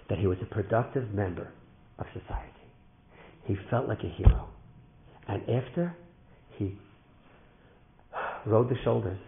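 A man telling a story in a sermon, dramatic and animated, sometimes rising to a shout. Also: medium pitch, creaky, a little hiss or hum. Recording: thin phone-like sound in an echoey hall.

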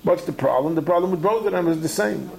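Guy teaching talmud, kinda high voice w gravelly fry, chatty and animated. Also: fast talker, rough recording. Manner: animated, conversational, acts out the texts he quotes. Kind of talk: Talmud study lecture.

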